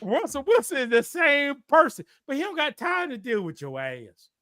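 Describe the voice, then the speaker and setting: High, bright-voiced man ranting hotly. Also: wildly swooping pitch, normal speed, no room sound, clean studio sound. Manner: confrontational, profane, taunting, often shouting. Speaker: podcast co-host. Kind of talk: heated streamed talk show rant.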